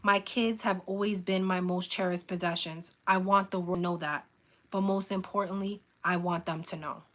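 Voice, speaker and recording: A woman hosting a live stream, reading a memoir aloud with frequent stumbles and self-corrections, pausing to plead with her viewers. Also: medium pitch, a bit bright. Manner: earnest pleas to viewers, frequent "um". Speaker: channel host reading a book aloud.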